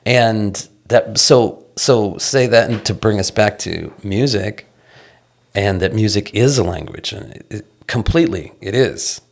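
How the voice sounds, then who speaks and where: A man's voice: lowish voice, a little slow, vocal fry. A middle-aged man, a guest songwriter, talking casually and animatedly in an interview, restarting sentences and swearing freely.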